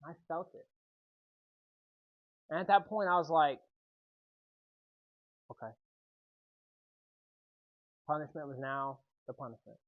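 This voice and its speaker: A man preaching to young people in an animated, storytelling way, his pitch swinging widely as he talks. He keeps checking in with his listeners. The recording sounds dull and lo-fi. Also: takes it slowly, pauses often. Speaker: youth speaker. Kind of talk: youth sermon with personal story.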